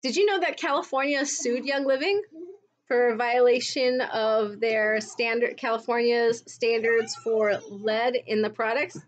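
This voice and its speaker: Speaking straight to camera from home, a woman with a fairly high, fairly even and slightly slow voice recounts her time in an MLM for a casual commentary video. Her tone is blunt and exasperated with mocking asides, and the recording has its highs cut off.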